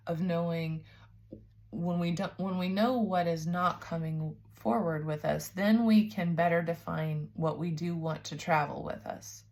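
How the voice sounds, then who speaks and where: Gently nurturing woman tarot reader, gravelly. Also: low voice. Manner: soft, nurturing, calls listener babes. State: teary-eyed, emotional. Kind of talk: spiritual tarot reading.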